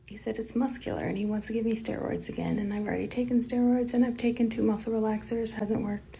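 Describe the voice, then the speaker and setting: A woman talking candidly to her phone camera, venting her feelings in a diary-style vlog, sometimes dropping to a hush. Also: a little high, lively intonation, fast talker, creaky, slightly rough, no room sound. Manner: candid, emotional, venting, at times hushed. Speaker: vlogger living in her car.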